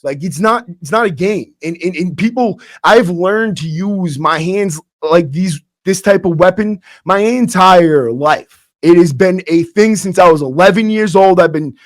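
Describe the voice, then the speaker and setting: He's a podcast host with a high voice and a past in prison, spinning a casual storytelling monologue. Blunt and streetwise, he leans on "bro" and keeps restarting his sentences. Faint acoustic guitar accompanies a clean, echo-free studio recording.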